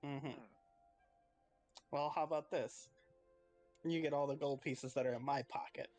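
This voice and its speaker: A man's voice: mid-range voice, fairly even intonation, a little slow, darkish tone, faint music behind. A man playing a tabletop game, talking bluntly and swearing casually. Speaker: player. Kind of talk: tabletop role-play.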